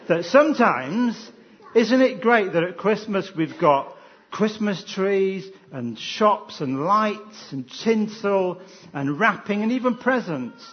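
Animated high-voiced man leading children. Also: husky, highs cut off. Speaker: children's talk leader. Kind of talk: Christmas family service talk.

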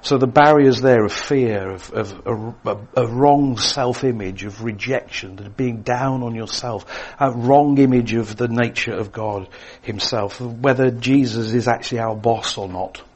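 A man preaching a sermon, swinging between emphatic lines and hushed, quiet ones. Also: mid-range voice, unhurried, few pauses, breathy edge.

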